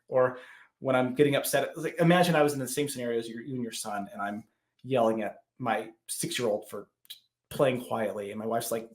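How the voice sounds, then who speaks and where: With a medium pitch and a brisk pace, a thirtysomething man chats as a podcast guest. It's a casual interview, and while telling stories he animatedly performs his own lines.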